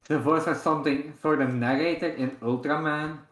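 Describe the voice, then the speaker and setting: A man chatting casually on a gaming stream in a relaxed way, reading off a list. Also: a little high, moderate pace. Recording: echoey room.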